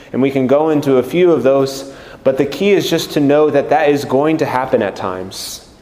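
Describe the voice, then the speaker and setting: A male priest giving a slow, gentle, earnest homily. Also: medium pitch. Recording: echoey room with long reverb.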